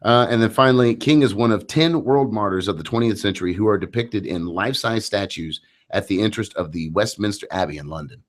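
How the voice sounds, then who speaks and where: A man's voice: on the low side, fairly quick, hardly any pauses. A man hosting a radio talk show, chatting casually and telling anecdotes. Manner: chatty, storytelling, acts out voices in anecdotes.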